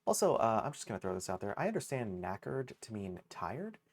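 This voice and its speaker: A man's voice: on the low side, sing-song, fairly quick. A man streaming a game live, chatting casually in a rambling, self-mocking way and swearing freely. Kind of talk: casual gaming livestream chatter.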